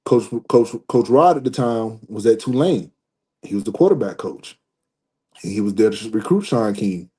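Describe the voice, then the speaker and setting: A man in his forties, a former football player, telling a long story in a relaxed interview, restarting sentences often. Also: on the low side, normal speed. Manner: animated storyteller, acts out dialogue, restarts often.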